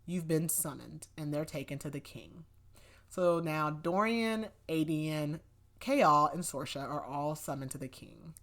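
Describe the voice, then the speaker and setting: Speaking low and unhurried, a young woman podcast host chats through a book's storyline, sprinkling in many "like"s and loosely performing characters' lines.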